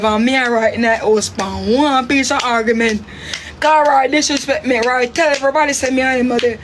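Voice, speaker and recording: A Jamaican woman telling a personal story in a casual way, acting out her own quotes with big jumps in pitch. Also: a bit bright, slight background noise.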